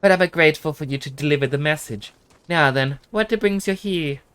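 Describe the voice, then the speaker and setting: A man with an Australian accent reading game dialogue as a soft-spoken, apologetic young village woman. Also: on the high side, moderate pace, smooth, pitched above the performer's own voice, lightly acted. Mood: polite.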